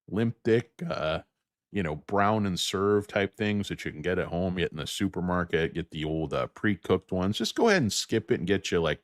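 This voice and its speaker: A middle-aged man hosting a stock commentary monologue, rambling and digressive, with crude jokes and quick mocking put-on voices. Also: sits low, lively intonation, no echo, clean studio sound.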